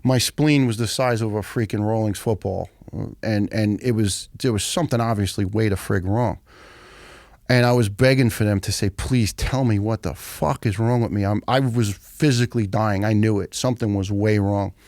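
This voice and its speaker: A middle-aged man, telling his story as a podcast guest in a blunt, profane, animated way. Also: lowish voice, moderate pace, dry recording, clean studio sound. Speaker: guest, retired firefighter.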